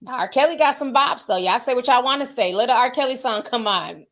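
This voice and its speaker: Reading viewer super chats on a laid-back livestream, this host talks in a fairly high, expressive voice with a brisk pace and a fairly bright tone. She's candid and laughs a lot, dropping slangy side comments as she goes.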